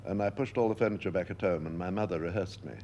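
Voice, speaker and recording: An older man being interviewed, telling lively stories and acting out the voices he quotes. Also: sits low, fast talker, lo-fi sound, slight background noise. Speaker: interviewed actor. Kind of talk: anecdotal interview talk.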